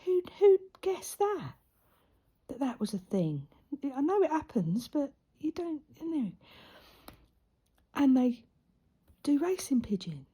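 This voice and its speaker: A woman's voice: high-pitched, very animated, slow, pauses often, dark tone. A woman casually telling a story while she sews, chatty and laughing often. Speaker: crafter and vlogger. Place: at home in front of a camera.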